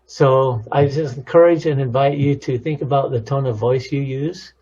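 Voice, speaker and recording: A man talking as a counselor, teaching about relationships in a calm, measured way. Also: mid-range voice, slightly rough, dull audio. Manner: calm, measured, demonstrates tones of voice. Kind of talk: instructional talk on relationships.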